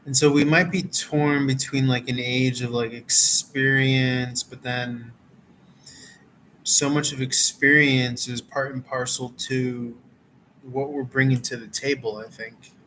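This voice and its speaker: A man's voice: mid-range voice, level tone, takes it slowly, sharp tone, a little hiss or hum, rough recording. A man who reads tarot, chatting casually outdoors around a campfire, laid-back and meandering, full of fillers. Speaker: tarot reader. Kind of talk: casual rambling chat.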